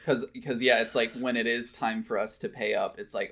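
An earnest man in relaxed conversation, his voice pitched in a typical middle range. He talks thoughtfully, circling back with restarts and fillers as he works through his points. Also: a little fast. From United States. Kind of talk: casual conversation.

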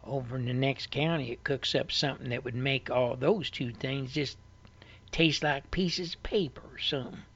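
A man's voice: medium pitch, moderate pace, gravelly, fairly bright tone, slightly rough, highs cut off, pitched below the performer's own voice. A man voicing a curious, easygoing country man who talks in a plain, folksy way. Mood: sly.

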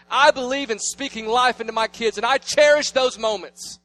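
A man in his thirties preaching a sermon, telling family stories and swinging between loud declarations and hushed asides. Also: extremely high pitch, moderate pace, no room sound. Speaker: pastor.

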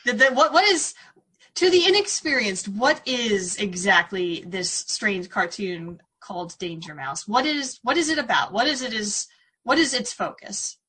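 A woman's voice: mid-range voice, lively intonation, measured pace, bright, forceful tone, slightly rough. A woman co-hosting a podcast, chatting casually and asking curious questions. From United States. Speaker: podcast co-host. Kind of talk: casual chat.

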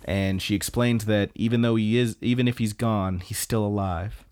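A man hosting a podcast, casually retelling scenes and breaking into excited asides. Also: on the low side, moderate pace, smooth. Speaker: podcast host. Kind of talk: casual episode recap.

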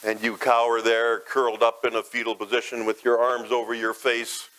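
A male preacher leads his listeners through a scene in a dramatic sermon. His voice sits at a medium pitch, climbing loud and high at the peaks and sinking soft and low in the quiet passages. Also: completely flat delivery, moderate pace, poor audio. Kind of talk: sermon, guided imagery.

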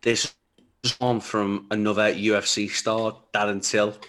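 A man's voice: fairly low pitch, flat delivery, unhurried, a bit bright, slight background noise. A man, a podcast co-host who teases his friends and laughs through sweary, casual banter.

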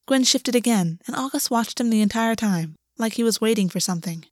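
A woman narrating a story aloud in a steady, even reading voice. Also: on the high side, fairly quick, no echo, studio quality. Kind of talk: audiobook reading.

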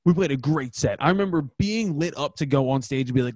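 A man's voice: fairly high pitch, fast talker, no room sound. A man co-hosting a casual chat, telling a road story full of heated profanity. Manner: heavy swearing, heated and animated storytelling. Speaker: podcast co-host, touring musician.

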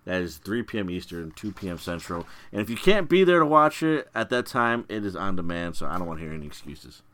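A man's voice: deep voice, big pitch swings, brisk, fairly bright tone. A man co-hosting a podcast in casual chat, easygoing as he plugs an upcoming event and a web address. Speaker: podcast co-host. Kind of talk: casual chat with a promo plug.

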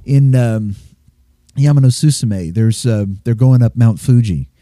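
A man's voice: medium pitch, measured pace, dark tone, dry recording, studio quality. A man chatting casually on a podcast, a rambling storyteller who acts out voices. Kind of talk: casual chat.

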